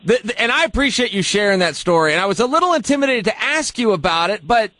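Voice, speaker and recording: A man's voice: sits high, lively intonation, quick pace, pushed and bright, dry recording. A man interviewing a guest in a friendly way, stammering a little on his starts. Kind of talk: casual interview.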